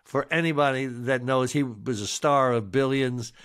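A man's voice: mid-range voice, normal speed, a bit bright. A man co-hosting a podcast in casual chat, jovial and laughing often as he moves the segments along. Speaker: podcast co-host.

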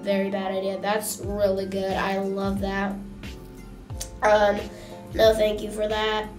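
A young woman hosting a casual gameplay vlog, chatty and gushing with excitement as she comments on what she sees. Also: medium pitch, slow pace, far from the mic. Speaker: gaming channel host. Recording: echoey room, mic set back, music behind.

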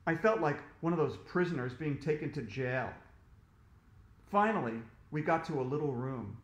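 Male author reading to children, animated, fairly high voice, roomy sound. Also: normal speed, lo-fi sound. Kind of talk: storybook read-aloud.

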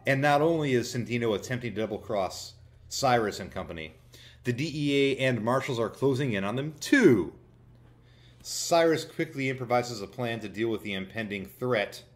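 A man giving a jokey movie review, recapping the plot with sarcasm and plenty of irreverent asides. His pitch sits in the middle range. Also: expressive, moderate pace. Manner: sarcastic, irreverent, laughs at his own jokes. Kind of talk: comedic movie review narration.

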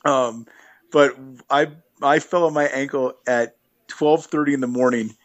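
A middle-aged man tells hiking stories in a loose, rambling manner with lots of fillers. His voice sits at an ordinary middle pitch and sounds like a casual podcast guest. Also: steady tone, unhurried, dull audio. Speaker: guest, thru-hiker. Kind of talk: casual storytelling interview.

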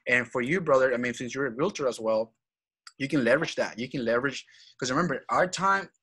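An energetic man speaks in a husky, slightly raspy voice at an ordinary pitch. He talks casually as an interview guest, hammering his points home with repetition and tag questions like "right?". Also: fast. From Venezuela. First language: Spanish. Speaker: guest, real estate acquisitions manager.

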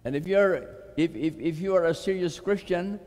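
A man's voice: high-pitched, normal speed, darkish tone, in a large hall. A man with a Filipino accent preaching a sermon, emphatic and putting questions to his congregation for responses. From Philippines. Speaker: pastor. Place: church sanctuary.

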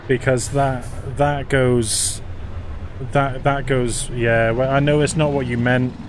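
A man's voice: medium pitch, level tone, takes it slowly, a little hiss or hum. Guy streaming live, thanking chat by name, cars and engines going behind him. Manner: chatty, thanks viewers by name. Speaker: livestream host.

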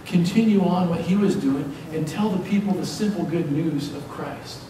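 A man preaching a sermon as pastor, lively and joking as he urges the congregation on. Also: fairly high pitch, moderate pace. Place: church sanctuary. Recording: echoey hall from far off, faint hiss.

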